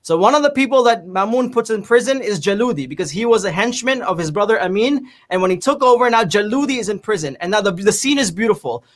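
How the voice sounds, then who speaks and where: A man on a religious panel show, retelling a historical story in a lively, vivid way. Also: high voice, fast talker, hardly any pauses.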